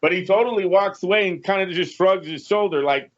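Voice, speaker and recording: On a casual boxing podcast recorded with lo-fi audio, a male co-host with a high-pitched, brisk voice gives blunt, profane opinions.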